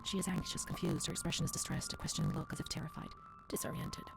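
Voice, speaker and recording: A troubled young woman reads old asylum papers in a hushed and uneasy game narration. Her voice sits low and turns gravelly, slipping into whispers. Game music plays clearly underneath. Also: huge pitch swings, heavily acted. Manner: measured, uneasy reading.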